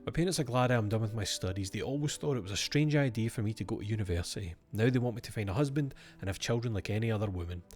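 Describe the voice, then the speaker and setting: A man's voice: lowish voice, rapid-fire, hardly any pauses, a little mellow. A man streaming a game, reading its letters aloud and breaking off for wry asides to himself.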